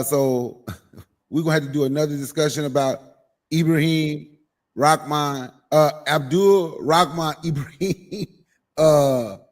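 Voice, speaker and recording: Laid-back Southern man presenting history. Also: on the high side. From Mississippi. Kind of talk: casual history discussion. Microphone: online call.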